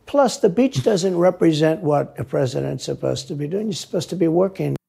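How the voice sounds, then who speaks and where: Older male interviewee, husky, mellow tone, blunt repetitive delivery. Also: a little high, animated, a little fast. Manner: blunt, repeats phrases for emphasis. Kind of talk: casual interview talk. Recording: clip played from a broadcast interview.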